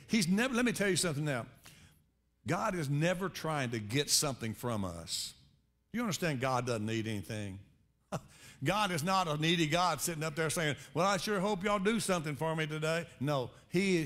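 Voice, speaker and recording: A man preaching a sermon as pastor, conversational, swinging between quiet reflection and loud emphatic rises. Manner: conversational preaching with sudden rises in pitch and volume.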